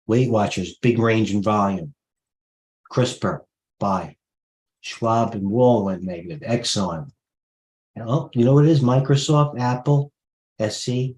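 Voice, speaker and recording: A middle-aged man hosting a live trading stream, giving rapid-fire, blunt market commentary and talking straight to his viewers. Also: lowish voice, a little mellow. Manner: blunt, jumpy, talks to viewers directly. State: out of breath. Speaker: stock trading livestream host.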